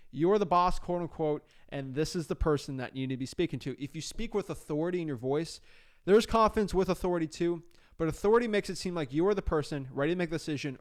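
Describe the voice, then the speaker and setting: A young man from South Florida giving a casual, energetic coaching talk with frequent fillers and restarts. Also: fairly high pitch. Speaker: real estate wholesaling coach.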